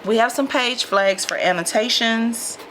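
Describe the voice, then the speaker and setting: A woman's voice: fairly high pitch, a little slow, noisy background. A woman vlogger chatting casually to her viewers while unboxing a mystery box, calling them y'all. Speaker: lifestyle vlogger.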